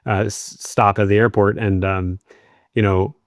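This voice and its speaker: A man's voice: on the low side, little pitch movement, a little slow, no room sound, studio quality. A man hosting a group video call, talking in a casual, hesitant way with many restarts. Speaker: meetup host.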